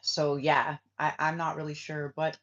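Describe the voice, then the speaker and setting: A man's voice: fairly high pitch, monotone, measured pace, fairly bright tone. A man, a spiritual reader, talking casually in a rambling way, filling his speech with "like" and swearing. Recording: dull lo-fi sound.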